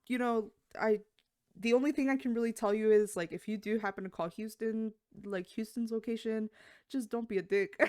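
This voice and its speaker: A woman co-hosting a podcast, chatting casually and bouncing into high voices whenever she quotes someone. Her voice is smooth and clear, recorded dry and close to the mic. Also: dry recording. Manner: animated, acts out quotes with big pitch jumps, lots of fillers. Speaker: podcast co-host. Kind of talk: casual storytelling chat.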